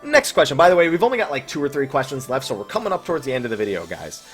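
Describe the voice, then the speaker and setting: A male gaming host answers viewer questions in a relaxed, offhand way, blunt and quick to curse. His pitch sits in an ordinary middle register but swings around a lot as he talks. Soft music plays quietly underneath. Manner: casual, blunt, swears freely. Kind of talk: casual Q&A commentary about online games.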